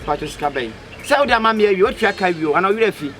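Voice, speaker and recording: A man's voice: high voice, lively intonation, racing, fairly bright tone, slight background noise. A Ghanaian man with a Twi accent in a comedy skit, pleading and stammering with many repetitions. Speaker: comedy skit actor, fake motor rider.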